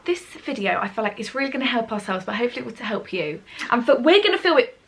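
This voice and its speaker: A woman's voice: on the high side, big pitch swings, fast talker. A young woman co-hosting a casual vlog, chiming in with supportive short agreements. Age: young adult. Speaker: vlogger. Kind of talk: casual chat.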